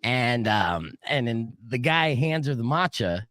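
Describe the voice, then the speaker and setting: A man hosting a radio show, telling stories with lively voice imitations. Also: mid-range voice, measured pace, no room sound, clean studio sound. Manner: animated storyteller, mimics voices. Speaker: radio host. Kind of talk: morning radio banter. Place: radio studio. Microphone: studio broadcast mic.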